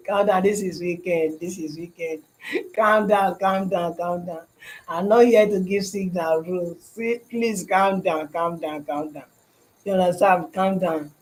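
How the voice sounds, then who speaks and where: A man's voice: sits high, low-quality recording. A man with a Nigerian accent hosting a casual livestream from his shop, repeating phrases and often asking "you understand?". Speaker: livestream host.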